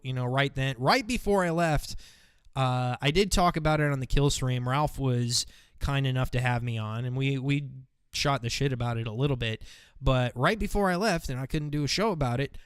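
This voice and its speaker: A man hosting a talk show with a smooth, resonant voice, recorded close and dry. He rambles and swears through his commentary, sliding into a mocking tone. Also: mid-range voice, normal speed, no room sound. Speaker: host. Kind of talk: casual solo commentary.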